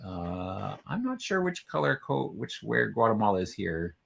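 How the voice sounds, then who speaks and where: Low-voiced chatty male co-host. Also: sing-song, moderate pace, vocal fry, a bit bright. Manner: chatty, stumbles over names while reading. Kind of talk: casual chat.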